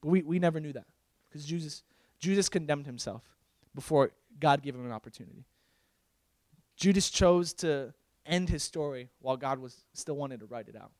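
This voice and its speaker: A young male pastor preaching a casual, emotional sermon, moving from loud pleading to quiet confiding, with slang in his talk. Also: a little high, normal speed, no room sound, clean studio sound. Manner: casual, uses slang like bro.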